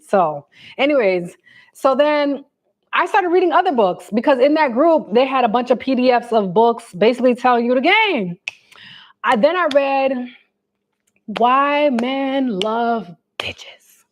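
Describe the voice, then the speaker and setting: A young adult woman hosting a casual livestream, chatting straight to her viewers in animated, slangy talk. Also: fairly high pitch. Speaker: livestream host.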